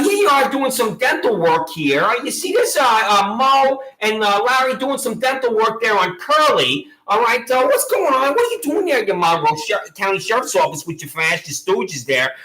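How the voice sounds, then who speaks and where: A woman's voice: on the high side, fairly bright tone. A woman with a Long Island accent, ranting in a sarcastic, taunting way straight to the camera, repeating her jabs. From Long Island, New York. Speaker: vlogger. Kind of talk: mocking direct-address rant. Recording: echoey room.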